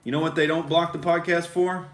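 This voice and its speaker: A man's voice: a little high, little pitch movement, a little fast. A young adult male comedian ranting in character on a satirical podcast, swaggering and swearing, always calling people "dude". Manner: pumped-up, beer-drinking rant. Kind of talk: satirical bro rant in character.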